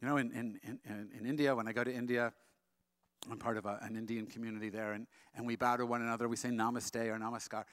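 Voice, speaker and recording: Male speaker, mid pitch, smooth tone, close dry sound; storyteller at an interfaith talk. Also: no room sound. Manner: leads the audience in slow sung chant, then tells a story in a quick, animated way. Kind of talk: storytelling talk with sung chant.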